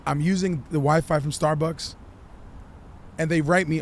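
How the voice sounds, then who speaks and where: A man, a musician guest on a podcast, telling his story in an animated, profane way and acting out what people said. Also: fairly high pitch, normal speed, slight background noise. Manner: animated, profane, acts out quotes.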